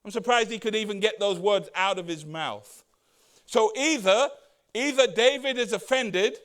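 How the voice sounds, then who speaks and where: A man with a notably high voice delivers a casual, conversational sermon as pastor. He throws rhetorical questions at the congregation and slips into quick voices for the Bible characters he quotes. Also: fairly bright tone.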